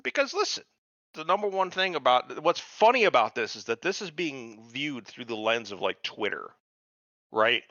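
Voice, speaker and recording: A man's voice: medium pitch, big pitch swings, moderate pace, pushed and bright, dry recording, lo-fi sound. A man co-hosting a podcast, ranting in a casual and profane way about a TV episode. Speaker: podcast co-host. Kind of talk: casual TV recap chat.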